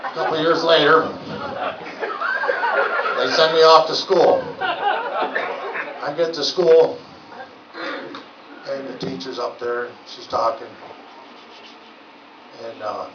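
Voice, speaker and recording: A man's voice: a little high, sing-song, slow, long pauses. A man doing stand-up, telling rambling folksy stories with lots of filler words in a legion hall. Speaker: stand-up comedian. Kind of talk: stand-up storytelling. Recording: roomy, distant, dull lo-fi with noise.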